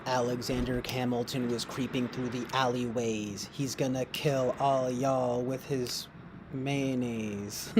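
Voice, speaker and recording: A man's voice: medium pitch, flat delivery, takes it slowly, background noise. A young man streaming from his couch at home. He rambles and jokes with profanity, laughs often and improvises silly raps. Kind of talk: rambling late-night stream chatter.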